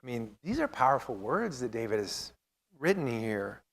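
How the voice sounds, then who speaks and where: A man's voice: medium pitch, very animated, normal speed, gravelly, fairly bright tone. A man leading a church Bible class, talking earnestly and reading scripture aloud with feeling.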